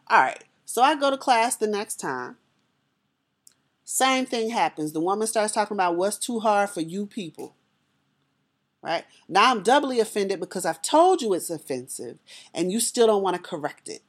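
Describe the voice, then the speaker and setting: Speaking at a moderate pace with a medium-pitched voice, a woman shares a personal story, keeping it lively and chatty and addressing the audience directly.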